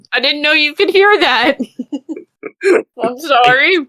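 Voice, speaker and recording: A woman playing a tabletop game, giggly and lively. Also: sits high, very slow, dry recording. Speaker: player. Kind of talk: casual chat at a gaming table.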